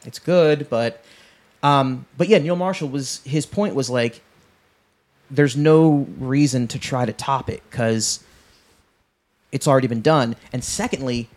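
A man's voice: mid-range voice, measured pace, long pauses. A man chatting casually on a podcast, rambling enthusiastically with many restarts. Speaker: podcast panelist. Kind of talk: casual chat about horror films.

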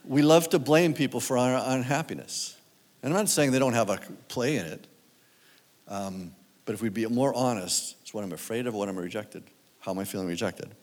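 A man's voice: mid-range voice, brisk, a little mellow, in a large hall. A man preaching a sermon as guest speaker, talking conversationally and asking his listeners questions. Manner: conversational, asks the audience questions.

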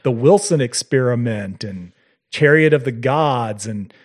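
A man narrating as game master of a tabletop game, animated and laughing often. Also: medium pitch. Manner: animated, laughing, quick asides.

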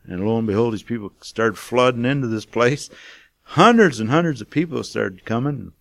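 An older male missionary shares a casual testimony, rambling in a folksy way with plenty of fillers. His gravelly, medium-pitched voice is animated and moves at normal speed, with no room sound.

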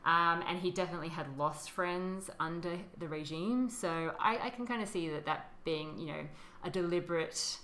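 A woman co-hosting a podcast explains history in a casual, chatty way, using fillers and laughing often. Her voice is lowish and fairly bright, at a moderate pace with few pauses, and the recording has a roomy echo plus slight background noise.

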